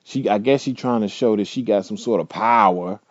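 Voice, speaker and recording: A man hosting a podcast, telling a story casually in a blunt, profane, animated way. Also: lowish voice, fairly quick, slightly rough, no room sound, highs cut off. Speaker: podcast host.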